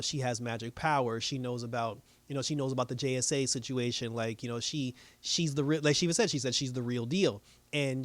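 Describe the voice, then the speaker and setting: A man's voice: mid-range voice, fairly bright tone, dry recording. A man casually recapping a TV episode, chatty and loose, acting out the characters' lines as he goes. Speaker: show reviewer.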